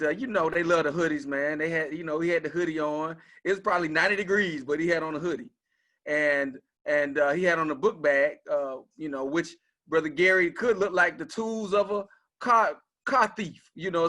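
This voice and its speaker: A man talks on a discussion panel, telling an earnest story as a father. His voice sits a little high and sounds bright and forceful. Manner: earnest storytelling, speaking to the host as brother. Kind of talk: conversational panel talk.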